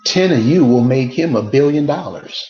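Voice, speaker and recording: A man's voice: mid-range voice, animated, normal speed, darkish tone, roomy sound, highs cut off, slight background noise. A man delivering a casual, emphatic monologue to his viewers, repeating rhetorical questions over and over. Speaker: online commentator.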